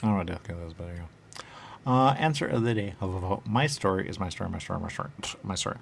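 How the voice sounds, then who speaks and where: A man talking in a rambling, trance-like monologue, halting and repeating the same phrases over and over. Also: low voice, animated, creaky, a little hiss or hum. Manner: repetitive, halting, circles back on phrases.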